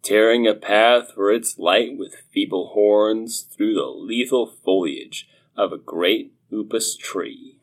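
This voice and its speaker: Guy reading a spooky story real slow, lowish voice, careful delivery. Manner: measured, deliberate reading. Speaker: podcast co-host, story reader. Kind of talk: slow dramatic reading of a horror tale.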